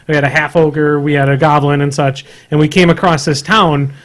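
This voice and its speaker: A man guesting on a podcast, telling a story in a lively, stumbling way. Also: fairly high pitch, fairly quick. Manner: lively, stumbling over words. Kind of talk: casual storytelling.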